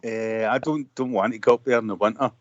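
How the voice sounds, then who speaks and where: Glaswegian caller on a dull call line. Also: male voice, on the low side, fairly even intonation, fast talker. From Scotland. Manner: chatty, rambling with many fillers. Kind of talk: casual phone-in chat. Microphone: computer call.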